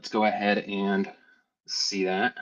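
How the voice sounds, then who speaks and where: A FlutterFlow trainer runs a casual screen-share tutorial, thinking aloud and talking to himself as he builds. His voice is on the low side, monotone and unhurried, with a fairly bright tone, though the audio is dull.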